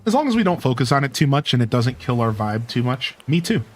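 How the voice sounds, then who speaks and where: A man's voice: medium pitch, big pitch swings, quick pace, faint music behind. A man live-streaming in a casual, chatty way, talking straight to his viewers. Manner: laid-back, chatty, addresses viewers directly.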